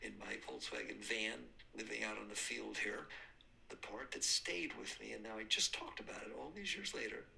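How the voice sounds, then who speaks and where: Gravelly older man teaching forcefully. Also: fairly low pitch, rough recording. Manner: emphatic, repeats and answers his own questions. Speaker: spiritual teacher. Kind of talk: recorded spiritual talk.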